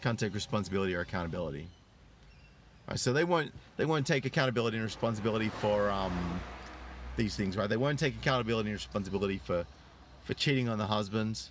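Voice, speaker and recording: A man in his thirties with an Australian accent, hosting a live stream. He retells stories with rising excitement, greets viewers in chat, and swears freely. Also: fast talker, a little hiss or hum. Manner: animated storyteller, swears freely, voice rises high when excited. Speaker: online show host.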